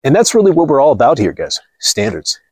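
A man rants to his viewers in a blunt, mocking monologue while out walking. His voice is a bit husky and jumps lively in pitch. The sound is dry and close. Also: fairly quick, no echo. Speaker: vlogger. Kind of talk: casual ranting monologue.

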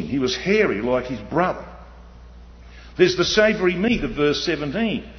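A man preaching an animated sermon, swinging between loud emphasis and quiet asides. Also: medium pitch. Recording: dull, muffled hall with long reverb.

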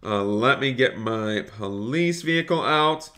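Young male game streamer, bright forceful tone, upbeat chatter to viewers. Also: mid-range voice, lively intonation, unhurried. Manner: upbeat, reads chat aloud and thanks viewers. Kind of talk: live game-stream chat.

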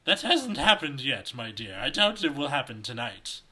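A man's voice: mid-range voice, very animated, moderate pace, pushed and bright. A man voicing a smug, flirtatious male robot devil while reading a fan story aloud.

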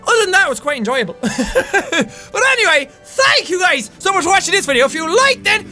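An Irish man in his twenties doing loud, frantic gameplay commentary, swearing and yelling at the game. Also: extremely high pitch, very animated, moderate pace, soft background music. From Ireland. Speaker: gaming YouTuber.

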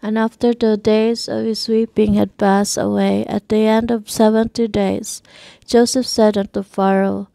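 A woman reading scripture aloud in a steady, measured way, with archaic wording. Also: medium pitch, vocal fry, no room sound. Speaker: scripture reader.

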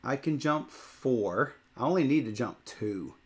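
A man's voice: mid-range voice, lively intonation, unhurried. A man playing a board game on a livestream, teasing his co-host playfully and thinking his moves through aloud. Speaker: co-host and fellow player. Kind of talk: casual livestream chat while playing.

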